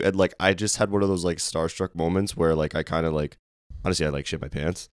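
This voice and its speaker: A young man with a hoarse voice, co-hosting a casual sports podcast and rambling excitedly with many fillers. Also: sits low, quick pace, no echo, clean studio sound. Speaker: podcast co-host.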